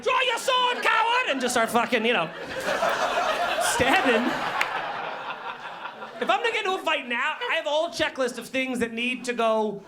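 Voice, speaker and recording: Stand-up comic, man, very high voice, brash and profane, in a small club over a laughing crowd. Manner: brash, profane, animated storytelling with acted-out asides. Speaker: stand-up comedian. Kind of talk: stand-up comedy set with crowd work. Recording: live club audience laughing.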